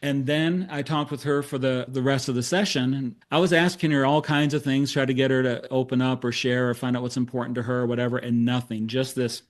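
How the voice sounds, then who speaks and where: Fairly quick and with few pauses, a middle-aged man speaks in a medium-pitched voice. As a therapist presenting case studies in a talk, he tells the story with animation, acting out quoted lines and gently mocking himself.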